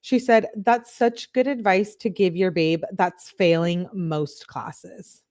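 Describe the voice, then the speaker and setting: A woman's voice: fairly low pitch, slow pace, a little mellow. Woman reading texts with incredulous asides. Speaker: true crime commentator. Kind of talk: casual reading and commentary.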